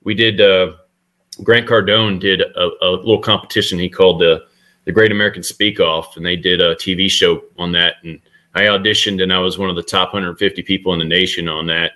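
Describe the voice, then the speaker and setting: A man's voice: sits low, fairly even intonation, brisk, bright, forceful tone. A middle-aged man who is a guest author and speaker, telling anecdotes in an earnest, conversational way. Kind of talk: conversational storytelling.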